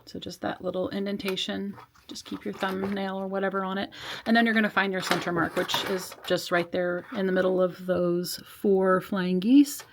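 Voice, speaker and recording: A woman's voice: mid-range voice, level tone, moderate pace, noisy background. A woman hosting a sewing tutorial, talking through the steps in a casual, chatty, reassuring way with small laughs and fillers. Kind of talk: casual step-by-step sewing instruction.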